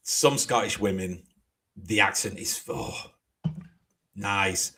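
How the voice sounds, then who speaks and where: A man's voice: on the low side, extremely slow, pushed and bright, husky. An English man co-hosting a casual podcast chat over a remote call, laughing often and swearing casually. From England. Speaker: co-host.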